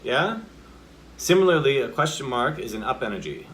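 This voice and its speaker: A man's voice: medium pitch, sing-song, moderate pace, a bit bright, slight background noise. A man teaching acting in a casual video lesson. He explains in a loose, chatty way full of filler words, and acts out example lines to show each point. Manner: loose, with many "like" and "you know" fillers. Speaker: acting coach.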